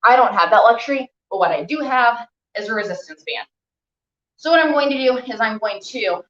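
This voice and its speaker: Speaking in a mid-range, fairly bright voice, this stretching instructor keeps up encouraging chatter packed with filler words. Holding the stretches leaves her a bit breathless, and the recording has a dull lo-fi quality with room echo.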